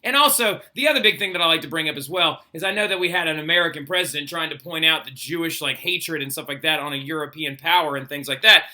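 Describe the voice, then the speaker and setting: A man's voice: a little high, fast, hardly any pauses, bright, forceful tone. A man teaching a history lesson in a casual, chatty way, often asking "right?" and filling with "like". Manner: chatty, frequent "like" and "right?" tag questions. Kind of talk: casual recorded classroom lecture.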